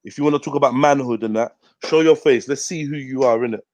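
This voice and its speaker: A man's voice: medium pitch, quick pace, a little mellow, no room sound. A man hosting a live stream, talking bluntly with lots of swearing and street slang. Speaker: host of a live news talk stream. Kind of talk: casual livestream rant.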